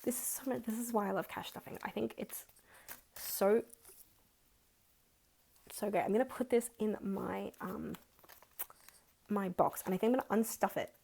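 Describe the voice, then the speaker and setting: Excitable young Australian woman vlogger. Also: mid-range voice, moderate pace, vocal fry, pauses often, a little hiss or hum. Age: 20s. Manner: excitable, gushing, counts money aloud. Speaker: budgeting vlogger. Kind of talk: casual chat.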